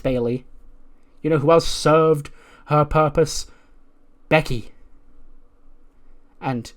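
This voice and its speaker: Guy doing a taunting bad-girl wrestler, high and smug. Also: fairly bright tone. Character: smug young female wrestling villain.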